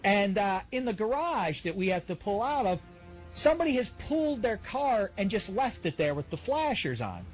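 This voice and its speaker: Man, radio host, comic rant, high voice, pitch swinging wildly, shouted punchlines. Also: sing-song, normal speed, soft background music. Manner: loud exasperated storytelling, shouting punchlines. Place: Los Angeles.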